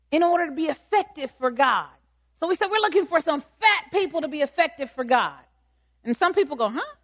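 High-voiced woman preaching with emphatic questions. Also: a bit bright. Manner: emphatic, asks the congregation repeated questions. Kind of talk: sermon. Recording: dull, slightly lo-fi sound.

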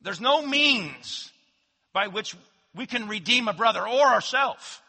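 A man preaching a sermon as pastor, swinging from loud emphatic declarations to hushed low asides. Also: expressive, slow pace. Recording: long hall reverb.

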